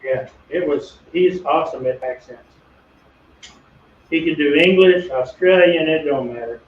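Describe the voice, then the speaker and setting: A middle-aged man with a slightly high voice chats casually while working, drifting into rambling, self-deprecating stories. He sounds distant from the mic in an echoey home workshop. The audio is dull and muffled with a faint steady hum underneath. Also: unhurried. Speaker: woodworking channel host.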